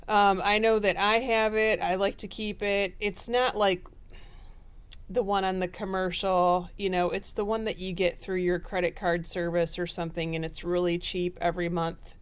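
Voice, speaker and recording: A woman's voice: mid-range voice, smooth. A woman giving a casual tarot reading in a chatty, rambling way with fillers. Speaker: tarot reader.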